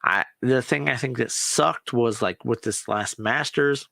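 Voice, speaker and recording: A man hosting a podcast, chatting casually and excitably about sports and swearing now and then. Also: medium pitch, a little slow, creaky, no echo. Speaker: podcast host. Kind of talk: casual solo chat.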